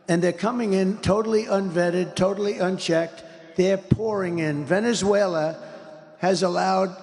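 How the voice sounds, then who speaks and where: A man's voice: sits high, creaky, darkish tone, in a large hall. An older man giving an interview, talking in an emphatic, repetitive, rambling way. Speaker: interview guest. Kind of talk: interview conversation.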